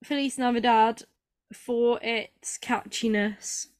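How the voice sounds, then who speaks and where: A young English woman hosts a relaxed podcast conversation. She rambles and pokes fun at herself, with lots of ums. The sound is dry and close, with no room echo. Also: a little high, takes it slowly. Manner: chatty, rambling, self-mocking, lots of ums. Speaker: podcast host. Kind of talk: casual chat.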